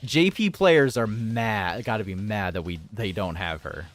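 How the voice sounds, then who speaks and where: A man's voice: lowish voice, measured pace. A man chatting casually on a game live stream, talking to viewers and his pets. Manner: chatty, talks to viewers and pets, laughs often. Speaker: gaming streamer. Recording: faint guitar music behind.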